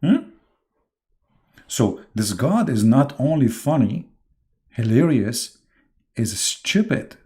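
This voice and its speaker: A man hosting a livestream, giving mocking commentary in a halting way, with many fillers and sudden jumps into put-on voices. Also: medium pitch, sing-song, dark tone. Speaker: online religious debater and host.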